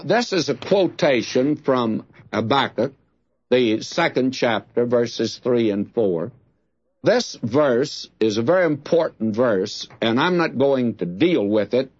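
A man teaching through a Bible passage in a slow, emphatic preaching cadence, repeating key phrases. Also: medium pitch, no room sound, muffled recording.

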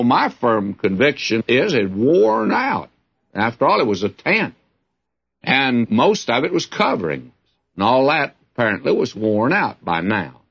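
A man gives a conversational radio Bible lesson, full of folksy asides. His voice is husky and his pitch moves a lot. The recording sounds dull and lo-fi. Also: fairly bright tone. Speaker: Bible teacher. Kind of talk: radio Bible-teaching sermon.

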